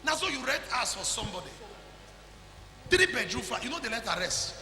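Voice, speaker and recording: Male Nigerian pastor, very high, piercing voice, exhorting sermon, echoey church with music. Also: very animated, brisk, long pauses. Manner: exhorting, calls people forward, shouts at peaks.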